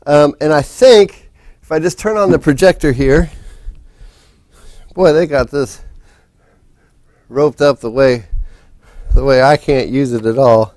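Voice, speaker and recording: A man's voice: a little high, a little mellow, dry recording. A man lecturing a physics class in a casual, rambling way, often restarting his sentences. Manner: rambling, restarts often, talks while setting up. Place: lecture hall.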